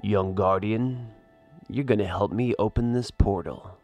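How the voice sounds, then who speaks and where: A man voicing a dark, mysterious male villain who speaks slowly and calmly. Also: fairly low pitch, soft background music. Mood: menacing. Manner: slow, menacing, calm.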